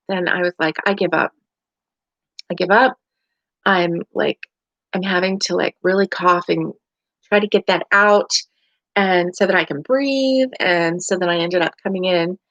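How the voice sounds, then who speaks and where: Middle-aged woman with a Southern US accent, home crochet vlogger, sleepy and rambling, mid-pitch voice, dry lo-fi mic. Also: fairly bright tone, no room sound. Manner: rambling, chatty, with many fillers and restarts. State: tired and yawning. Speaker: crochet livestream host. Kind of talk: casual live chat. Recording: dry, dull lo-fi home stream.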